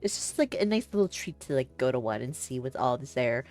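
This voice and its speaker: A woman's voice: a bass voice, big pitch swings, brisk, darkish tone, faint music behind. A young woman streaming a game, chatting casually and reading the story aloud, rambling with many fillers and frequent laughs.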